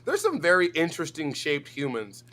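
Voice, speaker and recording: Male streamer, high and lively, profane rants. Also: normal speed. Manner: animated, profane, ranting. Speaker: stream co-host. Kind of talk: casual reaction-stream chat.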